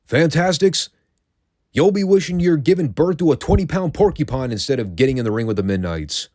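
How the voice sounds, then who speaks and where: A man quoting a frantic, loudmouthed male wrestling manager in a shrill, blustering voice. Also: lively intonation, fairly quick, no room sound, clean studio sound.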